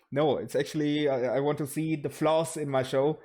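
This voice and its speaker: A man's voice: mid-range voice, little pitch movement, brisk, few pauses, darkish tone. A man with a German accent, a guest streamer in a casual chat who talks bluntly and swears freely.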